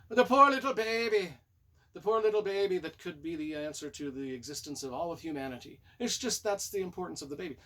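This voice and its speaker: A man giving a casual spoken review of a book, rambling through the plot with playful asides and frequent self-corrections. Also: fairly high pitch.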